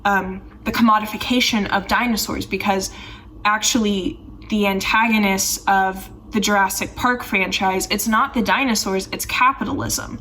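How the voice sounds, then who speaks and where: A woman's voice: medium pitch, fairly even intonation, moderate pace, pushed and bright, recorded from a distance, a little hiss or hum. A young woman rambling through a casual film review, full of "like" and sarcastic asides. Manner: chatty, rambling, heavy use of "like", sarcastic asides. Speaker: film commentary YouTuber.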